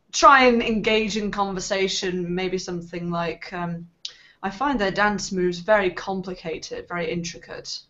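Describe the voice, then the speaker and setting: A woman's voice: fairly low pitch, a bit bright, muffled recording. A woman chatting as a player in a tabletop game, thinking aloud with fillers. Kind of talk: tabletop role-play chat.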